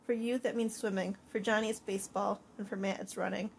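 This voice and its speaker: A woman's voice: mid-range voice, fairly even intonation, brisk, creaky, slight background noise, lightly acted. A woman voicing a worried middle-aged mother, stern but loving, in an audiobook reading. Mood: gentle. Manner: sharp and scolding, then gentle.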